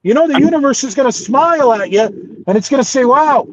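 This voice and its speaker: High-voiced rambling man on a live panel. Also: fast talker. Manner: rambling, animated, says bro often. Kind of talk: casual live panel discussion. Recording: dull lo-fi audio with faint noise.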